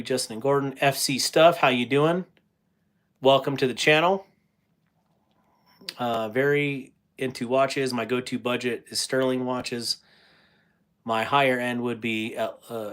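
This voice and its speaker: A man's voice: mid-range voice, fairly bright tone. A middle-aged man chatting casually on a livestream, reading viewer comments aloud and laughing often. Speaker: livestream host.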